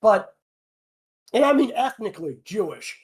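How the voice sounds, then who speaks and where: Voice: mid-range voice, very animated, a little slow. A voice actor on a livestream Q&A, ranting heatedly with lots of swearing and repeated words. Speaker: voice actor on a fan channel. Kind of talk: livestream Q&A rant.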